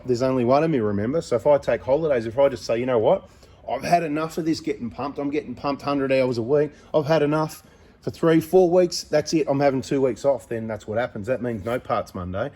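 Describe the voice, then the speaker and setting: A man's voice: on the low side, dark tone. A middle-aged man running a parts business, talking casually to camera in a blunt, rambling way. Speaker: mechanic and parts seller. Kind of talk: casual vlog talk to camera.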